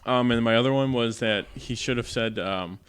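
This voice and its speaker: A man's voice: medium pitch, brisk, fairly bright tone, clear, resonant tone. A man co-hosting a casual movie review podcast, talking loosely with many "like"s and "um"s. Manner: loose, filler-heavy talk with lots of "like" and "um". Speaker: podcast co-host.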